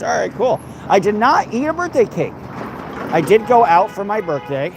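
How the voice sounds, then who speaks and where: A man with a high-pitched voice and wide swings in pitch talks at a normal speed. He's hosting a casual livestream, reading out comments and cracking crude, mock-threatening jokes. The recording has a noisy outdoor background.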